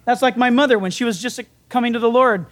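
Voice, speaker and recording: Male pastor, casual and animated, acts out the scenes as he preaches. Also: extremely high pitch, fast talker. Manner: animated, acts out biblical dialogue; conversational, folksy preaching. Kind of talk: sermon.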